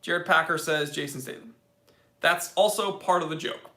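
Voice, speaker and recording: A man's voice: a little high, normal speed, sharp tone, reverberant. An American man hosting a live Q&A stream, casual and joking as he reads viewer comments aloud. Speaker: host.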